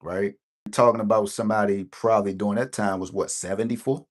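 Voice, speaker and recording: A man's voice: lowish voice, steady tone, a little fast. A middle-aged man, telling a personal story in a rambling way and often checking in with "right?". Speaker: lottery channel host. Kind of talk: casual personal storytelling to viewers.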